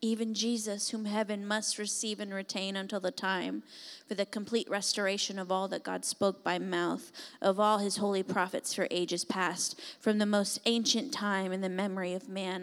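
A woman preacher delivering a sermon with a mid-range voice. She swings between fervent, raised passages and hushed, pleading invitations to her listeners. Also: medium pitch. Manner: builds to impassioned shouting, then drops to soft pleading. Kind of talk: sermon with altar call.

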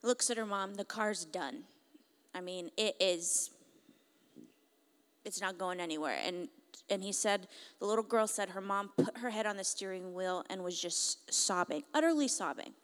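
A woman telling a moving story to an audience in an animated, emphatic way. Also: medium pitch, moderate pace, smooth. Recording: long reverb.

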